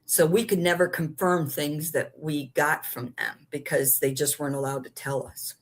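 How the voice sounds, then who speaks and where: A woman in casual chat who talks in a halting way and trails off softly. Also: sits low, fairly even intonation.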